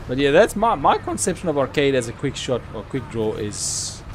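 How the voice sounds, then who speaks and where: A young man talks his way through a live game stream in a lively, bouncing voice, rambling casually between sudden excited yelps. A faint hum of noise sits behind him. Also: mid-range voice, normal speed. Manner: chatty, with sudden excited outbursts. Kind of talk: live gameplay commentary.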